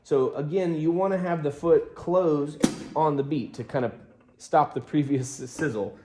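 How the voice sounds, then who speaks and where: An unhurried man whose voice sits on the high side leads a laid-back drum lesson over music, counting beats aloud while he plays and explains. He's a drum teacher, recorded in a roomy studio with loud drums.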